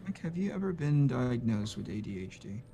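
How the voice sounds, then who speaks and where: A man's voice: mid-range voice, very animated, brisk, creaky, dark tone, dull audio, slight background noise. A man co-hosting a casual chat, making wry, teasing remarks.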